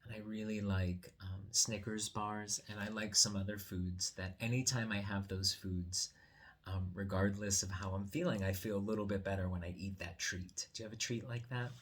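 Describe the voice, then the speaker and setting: A man, a teacher, reading a picture book aloud to children in a gentle, coaxing way with soft whispered asides. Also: fairly low pitch, fairly even intonation, moderate pace, slightly rough.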